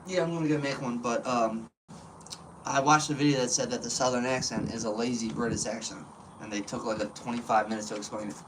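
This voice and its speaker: A man's voice: mid-range voice, steady tone, brisk. Guy friend on a livestream, joking around, kinda far from the mic, noisy. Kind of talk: casual chat on a livestream.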